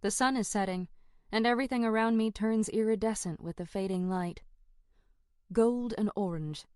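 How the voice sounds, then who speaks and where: A woman narrating a first-person fantasy audiobook in an expressive, dramatic way. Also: mid-range voice, clear, resonant tone, no room sound, clean studio sound.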